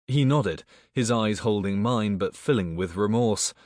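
A man's voice: fairly low pitch, measured pace, hardly any pauses, a little mellow, no echo, studio quality. A man narrating a first-person audiobook, with a tense inner monologue full of swearing.

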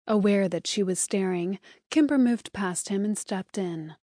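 A woman reads an audiobook in a smooth, even storytelling voice at a middle pitch. She is recorded close on a studio mic with a dry, dead sound and no room echo. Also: a little slow. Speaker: audiobook narrator. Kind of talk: scripted audiobook narration.

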